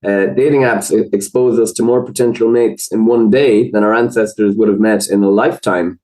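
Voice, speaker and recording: A man with an Irish accent, a podcast guest explaining research in a thoughtful, measured way with frequent fillers. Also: fairly low pitch, fairly even intonation, dark tone, low-quality recording. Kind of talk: conversational explanation.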